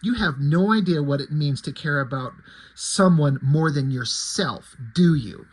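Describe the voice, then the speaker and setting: A man's voice: on the high side, expressive, unhurried. A man voicing a loyal, stubborn male warrior who speaks with earnest pleading.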